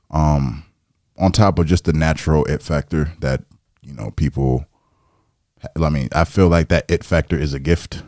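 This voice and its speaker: Very deep-voiced laid-back comedian. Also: male voice, vocal fry, darkish tone, no echo, studio quality. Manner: laid-back, confident, swears casually. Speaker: guest comedian. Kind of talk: casual podcast chat.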